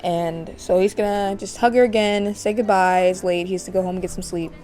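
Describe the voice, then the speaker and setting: Mellow-voiced woman narrating a life-sim let's play. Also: mid-range voice, fairly even intonation, fairly quick, soft background music. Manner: chatty, narrates and speculates, with gasps and laughs. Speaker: gaming channel host.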